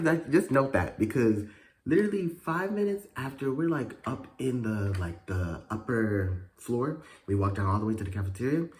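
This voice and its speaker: Low-voiced young man telling a profane story. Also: a little hiss or hum. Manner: animated, profane storytelling with sudden pitch jumps. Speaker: vlogger. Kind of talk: casual storytime.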